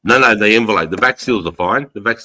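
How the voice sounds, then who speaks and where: A man with an easygoing Australian accent hosts a casual livestream chat. His voice sits a bit low, and he drops "mate" and swear words all through his easy banter. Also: fast talker, crowd noise. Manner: laid-back, swears freely, says mate a lot. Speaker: livestream host.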